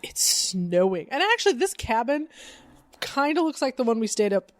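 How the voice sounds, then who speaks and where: A woman's voice: sits high, sing-song, brisk, no echo, studio quality. A woman co-hosting a casual comic book podcast, recapping the story and teasing her partner. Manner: teasing, wry, recaps the plot. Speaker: podcast co-host.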